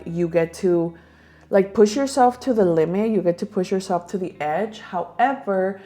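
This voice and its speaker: A young woman vlogger talks to her viewers in a casual, chatty way, full of "like" and "girl" and with a Spanish phrase now and then. Her voice sits a little low and sounds warm and mellow. She tells her story straight to the camera. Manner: chatty, addresses viewers as girl and you guys, many likes.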